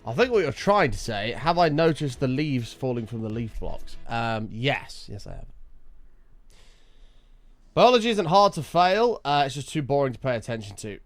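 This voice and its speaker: A man's voice: mid-range voice, sing-song, normal speed, faint music behind. Chatty man streaming a game. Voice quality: chatty, rambling, sweary storytelling. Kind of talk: casual gameplay chat.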